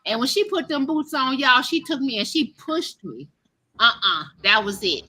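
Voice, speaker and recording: Bright high-voiced woman storyteller. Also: normal speed. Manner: animated, laughing, addresses listeners as y'all. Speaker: host telling a childhood story. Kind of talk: casual live-stream storytelling.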